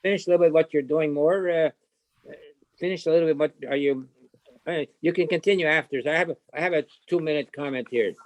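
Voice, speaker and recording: A man joining a Bible class on a video call, talking in a halting way with many restarts and humming bits of old songs. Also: a little high, no room sound. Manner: halting, many restarts, hums song snippets. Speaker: class participant. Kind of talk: casual chat.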